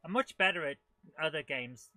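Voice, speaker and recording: A man's voice: fairly high pitch, moderate pace, dry recording. A British man hosting a live retro gaming stream, chatting, mocking himself and beeping along as he plays. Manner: chatty, self-mocking, makes beeping car noises; excitable while playing. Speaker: host. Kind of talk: live retro gameplay commentary.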